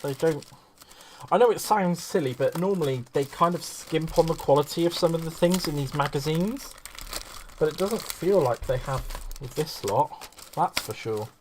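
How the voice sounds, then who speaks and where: A man's voice: on the high side, expressive, normal speed. A man hosts a live crafting stream in a loose, chatty voice. He rambles and gushes, and he greets his viewers fondly by name. A faint hiss sits under the recording. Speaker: craft livestream host.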